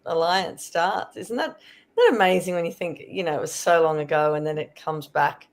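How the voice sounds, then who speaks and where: Woman guest on a fan podcast, lowish voice, easygoing chat. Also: moderate pace.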